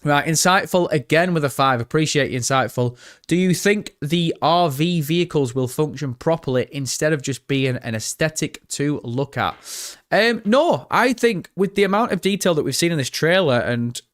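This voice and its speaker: A man's voice: on the high side, expressive, normal speed. A man doing a live-stream reaction, chatty, swearing casually and answering his chat as he goes. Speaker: gaming streamer.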